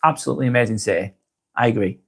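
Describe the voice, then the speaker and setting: Lancashire man chatting on a live stream. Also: racing. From Darwen, near Blackburn, northern England. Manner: reads comments aloud with a lifted voice, then answers in a softer, lower tone. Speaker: live vlog host reading viewer comments. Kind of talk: casual live-stream chat.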